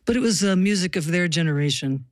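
A woman's voice: fairly low pitch, animated, fast talker, dry recording, studio quality. An older woman from the US Pacific Northwest, a musician guest telling stories in an interview with a wry, reflective manner. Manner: reflective, wry storytelling with laughs. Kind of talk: interview conversation.

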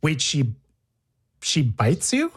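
A man's voice: fairly high pitch, huge pitch swings, slow, breathy edge. A man interviewing, asking curious, probing follow-up questions. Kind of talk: casual interview.

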